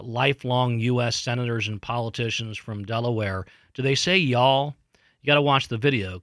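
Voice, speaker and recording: A man's voice: lowish voice, a bit bright, no echo, clean studio sound. A man hosting a political talk show, giving an indignant, emphatic commentary monologue with frequent fillers and restarts.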